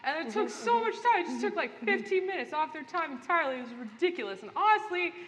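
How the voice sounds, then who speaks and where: A casual, talkative male ghost who rambles on in a high, upbeat voice, as a woman puts him on. He sounds like an office worker explaining the rules. The sound carries the long reverb of a big hall, with faint noise behind it. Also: big pitch swings, quick pace, fairly bright tone, exaggerated voice. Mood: chatty. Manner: rambling, upbeat, filler-heavy.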